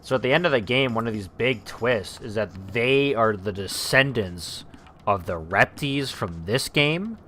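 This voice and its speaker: A man's voice: medium pitch, expressive, measured pace, pushed and bright, a little hiss or hum. A man co-hosting a let's play, chatting casually and swearing now and then as he plays. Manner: laid-back, drawling, swears casually. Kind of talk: casual gameplay chat.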